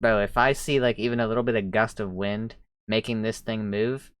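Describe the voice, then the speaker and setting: A man hosting a reaction video, talking casually and excitedly, swearing and riffing as he comments on clips. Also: lowish voice, a little fast, smooth. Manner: animated, swearing, exclaiming, riffing.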